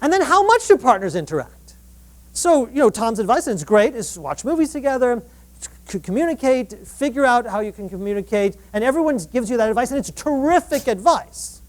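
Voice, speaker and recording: Woman lecturer at a live event, expressive and talky, often restarts mid-sentence, swinging pitch. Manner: animated, acts out quoted dialogue, frequent restarts. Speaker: relationship researcher giving a public talk. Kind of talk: lively public lecture. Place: live event before an audience.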